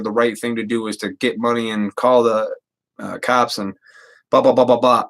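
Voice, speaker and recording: A man in his thirties rambling casually and profanely to viewers on a live stream. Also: mid-range voice. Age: 30s.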